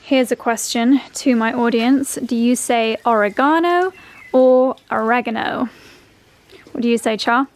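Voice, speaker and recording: A woman's voice: a little high, little pitch movement, moderate pace, hardly any pauses, a little mellow. A woman chatting upbeat to her viewers in a lifestyle vlog, calling them darlings. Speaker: vlogger. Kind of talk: casual vlog chat. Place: home and garden.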